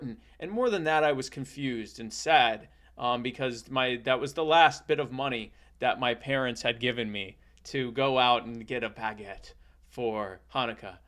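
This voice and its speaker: A man hosting a comedy podcast, telling an improvised tall tale in a rambling, deadpan way with many restarts. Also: medium pitch. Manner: rambling, deadpan, self-correcting. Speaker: podcast host.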